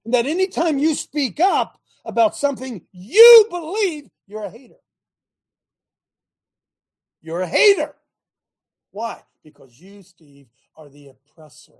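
A male talk show host who preaches more than he chats, putting rhetorical questions to his listeners and mocking what he opposes. His voice is husky and breathy, and his pitch leaps up and down as he drives each point home. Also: measured pace, pauses often. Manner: animated, sermonizing, mocking, asks the audience questions.

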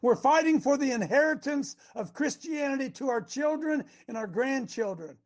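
A man preaching an interactive sermon, animated and quizzing his listeners, bursting into shouts to drive a point home. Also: very high voice, normal speed. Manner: banters with and quizzes the congregation.

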